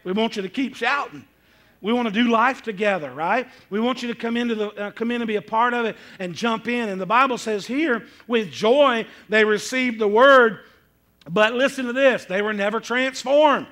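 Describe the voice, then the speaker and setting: A man preaching a sermon as pastor, folksy and animated, breaking into sudden shouts and joking asides to the congregation. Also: extremely high pitch, brisk. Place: church sanctuary.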